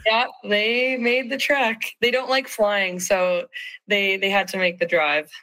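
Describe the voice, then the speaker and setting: A woman in her thirties, a hockey player speaking as an interview guest, slightly hoarse, upbeat, with frequent fillers and laughs. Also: medium pitch, steady tone, a little slow, pushed and bright, rough recording. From Saskatchewan, Canada. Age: 30s. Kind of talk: casual interview.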